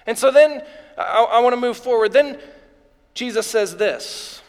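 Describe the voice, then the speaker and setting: A man with a very high voice delivers an eager, excitable sermon to his congregation. His words ring out with a long reverb, as in a large church hall. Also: unhurried, clear, resonant tone. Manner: enthusiastic, excitable preaching. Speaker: pastor. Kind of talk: live sermon. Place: church sanctuary before a congregation.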